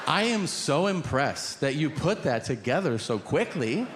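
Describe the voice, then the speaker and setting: A man telling a stand-up story in a lively, swinging delivery, profane and incredulous, landing punchlines deadpan. He is on a live comedy stage, and the recording carries a steady wash of room noise behind him. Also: medium pitch, measured pace.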